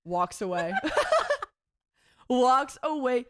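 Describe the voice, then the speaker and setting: Young woman on a podcast, chatty and playful, acting out quotes, dry close mic, middle pitch. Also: expressive, a little fast, dry recording. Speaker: podcast co-host. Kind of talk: casual storytelling chat.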